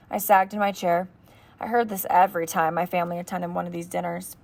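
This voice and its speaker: A woman's voice: lowish voice, flat delivery, brisk, vocal fry, darkish tone. A woman narrating an audiobook steadily in the first person as a boy.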